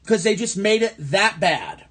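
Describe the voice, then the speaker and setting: A man's voice: sits high, animated, measured pace, a bit bright. A man from the American Midwest hosting a livestream, ranting angrily and sarcastically with lots of profanity and repetition. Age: adult. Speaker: livestream host. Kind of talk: ranting political livestream monologue. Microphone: phone livestream.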